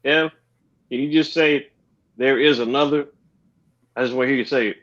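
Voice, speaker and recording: A man's voice: medium pitch, steady tone, normal speed, a bit bright, muffled recording. A man chatting and joking as a guest on a live panel, laid-back. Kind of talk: casual call-in chat.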